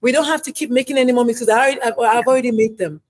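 A woman's voice: fairly high pitch, steady tone, rapid-fire, slightly rough, low-quality recording. A woman speaking as a mother on a panel, blunt, confessional and emphatic about her own mistakes. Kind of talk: conversational panel talk.

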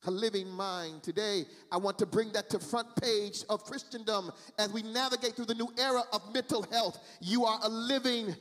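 A man's voice: sits high, fairly even intonation, moderate pace, few pauses, fairly bright tone, long reverb tail. A man preaching a sermon in an emphatic, repetitive, sing-song way, stretching out key phrases. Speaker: pastor. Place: church, also streamed online.

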